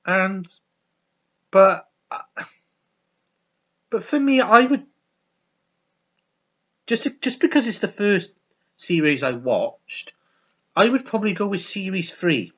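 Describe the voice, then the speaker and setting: A man's voice: high-pitched, animated, takes it slowly, long pauses, a bit bright, muffled recording. A man hosting his own video, chatting casually and enthusiastically about a favourite comedy, repeating himself and swearing freely. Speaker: video host.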